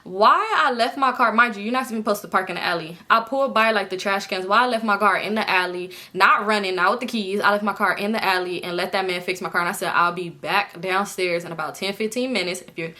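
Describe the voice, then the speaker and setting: Bright-voiced woman telling a storytime. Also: medium pitch, quick pace, few pauses. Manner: slangy and profane, talks straight to the audience. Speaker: storytime vlogger. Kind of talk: casual storytelling to viewers.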